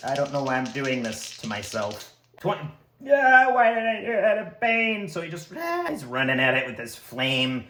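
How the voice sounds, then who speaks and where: A man narrating his own solo tabletop game, excitable and talking to the dice and characters. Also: fairly high pitch, moderate pace. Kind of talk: casual solo play narration. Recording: echoey room.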